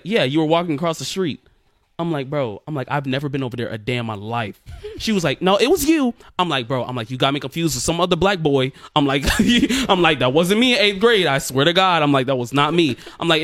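A young man with a slightly high voice tells a story in a loose, animated podcast chat. He swears freely and acts out both sides of the exchange. The recording is dry and close, with little room sound. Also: no room sound. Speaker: podcast co-host.

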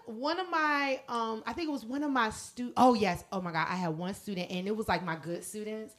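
A woman in her thirties tells a story in a casual chat, slightly high-pitched and animated. She laughs often and acts out the people in her story. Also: a little fast. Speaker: podcast co-host.

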